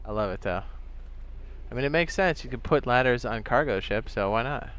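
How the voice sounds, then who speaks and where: A young man casually chatting on a gaming live stream, excitable and chatty, tossing in playful sound effects. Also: medium pitch, fairly quick, clear, resonant tone.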